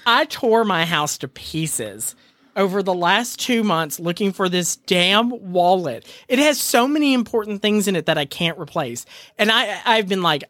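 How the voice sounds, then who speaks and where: A man's voice: high-pitched, expressive, measured pace, a bit bright, no echo. Guy on a podcast going off about something, dramatic and fed up, laughing through it, dry close sound. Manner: exasperated, dramatic, rants with laughter. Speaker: podcast co-host. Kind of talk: casual podcast chat.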